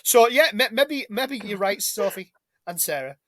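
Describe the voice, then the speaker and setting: A chatty British man hosting a casual podcast, his voice a touch higher than most men's. He rambles into anecdotes full of jokey asides. The sound is close and dry, with no room in it. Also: lively intonation, normal speed, fairly bright tone, no echo. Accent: British English. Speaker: podcast host. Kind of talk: casual film review chat.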